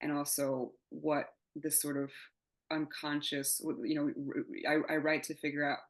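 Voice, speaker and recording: A woman's voice: low-pitched, flat delivery, a little slow, low-quality recording. A woman in her thirties, a playwright giving an interview in candid, rambling casual chat, often laughing and swearing. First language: not English. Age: 30s. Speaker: playwright guest.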